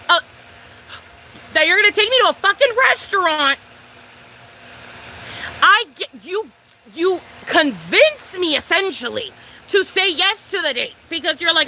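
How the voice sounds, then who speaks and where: In this poorly recorded storytime vlog, a young woman with a very high voice addresses her viewers, cursing liberally while performing both parts of the story with animation. A bit of background noise can be heard.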